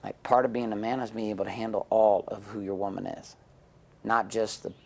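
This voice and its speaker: A man's voice: lowish voice, steady tone, fairly quick, creaky. A middle-aged man giving an intense, candid interview, blunt and profane, acting out the people he quotes as he tells stories. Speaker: interview guest.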